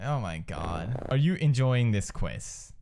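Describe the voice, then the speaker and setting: A man playing a quiz game, shouting, laughing and swearing as he plays. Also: mid-range voice, slow pace, noisy background. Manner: excitable, yelling and swearing at the game. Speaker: gamer. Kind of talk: let's play commentary.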